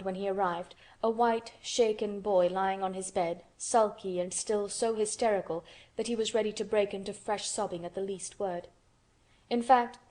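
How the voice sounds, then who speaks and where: Woman narrator for a classic audiobook, calm and measured. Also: mid-range voice. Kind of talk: scripted narration.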